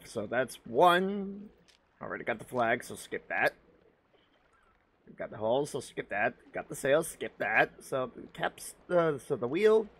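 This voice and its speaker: A man's voice: mid-range voice, fairly bright tone. A man casually commenting on his own gameplay while streaming, thinking aloud and poking fun at himself. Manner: chatty, thinks aloud, self-mocking. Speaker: game streamer.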